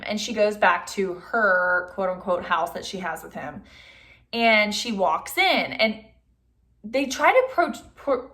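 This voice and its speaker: A young woman recaps a film plot in a loose, chatty vlog style. Her voice sits at an ordinary middle pitch, and "like" fills most of her sentences. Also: a bit bright. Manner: chatty, says "like" a lot; acts out characters' lines in quick voices. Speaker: movie reviewer.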